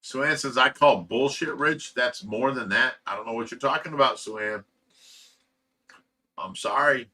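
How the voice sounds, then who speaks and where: A man's voice: mid-range voice, a little slow, sharp tone. A middle-aged man hosting a casual livestream, laughing often and reading viewer comments aloud. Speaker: livestream host reading chat. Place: fish room at home.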